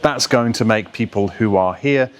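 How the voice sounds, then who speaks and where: A man's voice: on the low side, moderate pace, slight background noise. A man working as a voice coach, explaining accents and diction in an instructive way and now and then mimicking accents to make a point.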